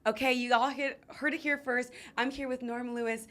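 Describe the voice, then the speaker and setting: A woman's voice: high voice, steady tone, normal speed, fairly bright tone. A young adult woman hosting an interview show, effusive and gushing, laughing a lot, heavily pregnant. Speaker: host. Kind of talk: casual interview chat.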